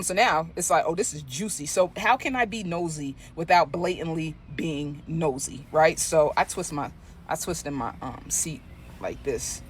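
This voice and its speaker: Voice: mid-range voice, a little hiss or hum. Gossipy storyteller swearing casually. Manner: gossipy, swears freely, animated asides. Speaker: vlogger.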